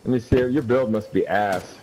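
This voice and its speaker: A man's voice: lowish voice, moderate pace, heavy background noise. A young man trash-talking an opponent over game voice chat, taunting, crude and repetitive. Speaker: gamer streaming.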